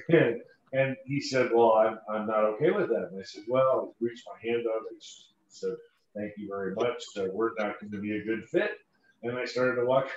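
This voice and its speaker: A middle-aged man telling stories casually about his work as a financial advisor, animated and self-interrupting. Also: mid-range voice. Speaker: financial advisor and podcast guest. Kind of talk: casual storytelling talk. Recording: distant, echoey, dull-sounding room.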